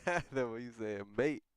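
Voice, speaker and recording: A man's voice: medium pitch, moderate pace, smooth, no room sound, soft background music. A young man hosting a casual livestream, chatting with viewers in a laid-back, slangy way and laughing often. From United States. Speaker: livestream host reading chat.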